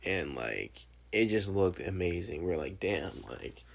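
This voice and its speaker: A young man telling a story in a casual chat, animated, profane and full of slang. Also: low-pitched, a little slow, creaky.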